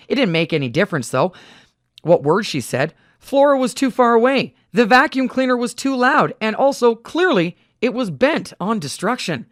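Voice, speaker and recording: A woman reading a children's novel aloud with an expressive, varied delivery. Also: on the high side, moderate pace, no room sound, clean studio sound. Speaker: reader. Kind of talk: storybook read-aloud.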